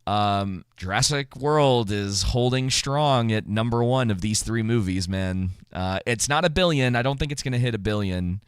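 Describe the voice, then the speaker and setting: A man's voice: mid-range voice, moderate pace, few pauses, clear, resonant tone, no room sound, clean studio sound. A man co-hosting a casual movie podcast, rambling with frequent laughs and restarts. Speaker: podcast co-host.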